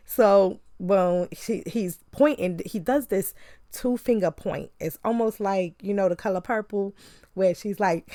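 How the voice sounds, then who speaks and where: A woman speaking gives a casual, chatty movie review, mid-pitched and laughing between lines. She mimics the characters with sarcastic flair. The recording is dry, with no room sound. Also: unhurried, darkish tone, no echo. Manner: chatty, laughing, sarcastic, acts out quotes from the film.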